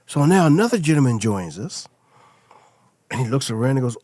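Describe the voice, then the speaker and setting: A middle-aged man telling stories as a podcast guest, lively and acting out the people he quotes. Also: medium pitch, brisk, pauses often, dry recording, studio quality. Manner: animated storyteller, acts out quoted voices. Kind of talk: casual storytelling chat.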